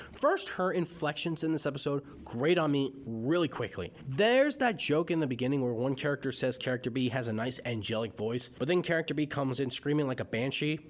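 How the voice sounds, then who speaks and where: A young man narrating a scripted cartoon review, opinionated and exasperated, with sarcastic asides. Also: mid-range voice.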